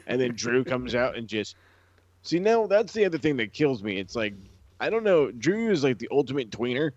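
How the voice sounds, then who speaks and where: A man's voice: mid-range voice, normal speed. A man co-hosting a podcast, ranting and swearing heavily in casual chat. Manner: profane, ranting, animated. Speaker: podcast co-host. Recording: dull, lo-fi sound.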